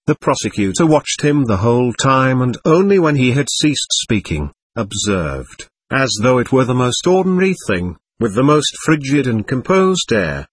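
A man narrating a novel as an audiobook in an expressive storytelling manner, close to the mic. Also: medium pitch, moderate pace, few pauses, breathy edge, no room sound.

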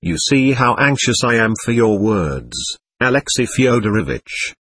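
A man's voice: medium pitch, very animated, a little slow, fairly bright tone, breathy edge, no echo, full character voice. Man reading as an impulsive young society lady. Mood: earnest. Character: proud young society woman, emotional. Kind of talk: audiobook character reading.

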